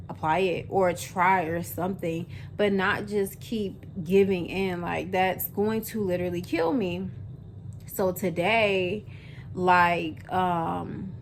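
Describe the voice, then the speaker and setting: A woman in her twenties vlogs casually to camera, chatting away with lots of fillers and calling her viewers "y'all." Her voice is medium-pitched and creaky, with a slight hiss or hum in the recording.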